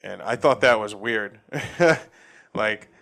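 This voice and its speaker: A man's voice: fairly low pitch, slow, creaky, pushed and bright. A man from Massachusetts hosting a comedy podcast, ranting casually with lots of swearing and laughing at his own jokes. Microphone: facing a camera.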